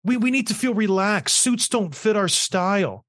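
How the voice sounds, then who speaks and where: A man's voice: high-pitched, expressive, normal speed, a bit bright, dry recording, clean studio sound, voice pushed up. A man mimicking a group of whiny, spoiled young male hockey players in a petulant voice. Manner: whining, petulant.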